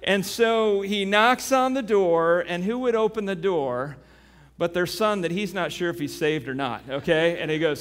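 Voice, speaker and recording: A man preaching a sermon as pastor. He tells a story with animation and then turns quiet and earnest. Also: high-pitched, moderate pace. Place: church sanctuary. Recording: long reverb of a church hall.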